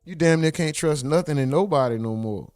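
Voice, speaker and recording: A man hosting a livestream, reacting to clips in casual, profane street slang, often mimicking other people's voices with sudden high jumps. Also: a little fast, darkish tone, no echo, clean studio sound, faint music behind. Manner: profane, slangy street talk addressing chat.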